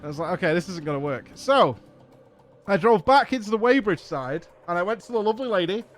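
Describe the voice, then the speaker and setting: An English streamer host with a high, bright-toned voice tells his viewers a rambling, casual story. He sounds exasperated and swears freely, acting out both sides of each conversation, speaking briskly with lively intonation over soft background music.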